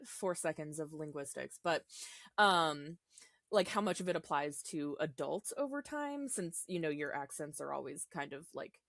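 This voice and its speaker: Lower-voiced woman, hesitant podcast chat. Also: expressive, normal speed, gravelly, a bit bright, no room sound, clean studio sound. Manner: hesitant, laughs between thoughts, many fillers. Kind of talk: casual chat.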